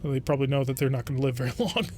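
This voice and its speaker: A man's voice: mid-range voice, rapid-fire, darkish tone. A man hosting a let's play, chatting casually and thinking aloud as he plays a strategy game. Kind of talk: casual gameplay commentary.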